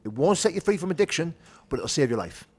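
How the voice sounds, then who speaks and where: This middle-aged man from the North of England talks fast in a sing-song voice that sits on the high side, with a darkish tone and a breathy edge. As a podcast guest, he tells his story candidly and conversationally, scattering "you know" and "do you know what I mean" throughout.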